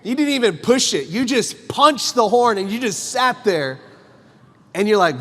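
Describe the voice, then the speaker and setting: Guy pastor preaching, kinda high voice, echoey church hall, talks right at the crowd with questions. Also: lively intonation, moderate pace. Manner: emphatic, conversational preaching with rhetorical questions. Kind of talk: sermon. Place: church sanctuary. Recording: long church hall reverb.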